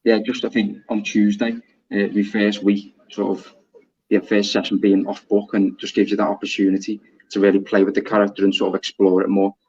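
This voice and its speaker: A man's voice: on the low side, level tone, fairly quick, a little mellow, slightly rough. A man, a stage actor guest, talking loosely about rehearsals and hedging with fillers. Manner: loose, hedging with "sort of" and "obviously". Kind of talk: casual interview. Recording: dull lo-fi sound.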